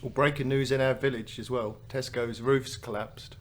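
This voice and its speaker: Gossipy man, mid-pitched. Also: steady tone, moderate pace. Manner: gossipy, chuckling. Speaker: podcast co-host. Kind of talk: casual pub chat. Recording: faint background noise.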